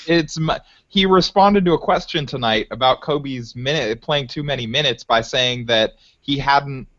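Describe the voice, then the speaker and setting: A man's voice: mid-range voice, normal speed, fairly bright tone. A man on a casual sports podcast, sarcastic and ranting with exasperation. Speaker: podcast co-host. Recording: muffled lo-fi online stream.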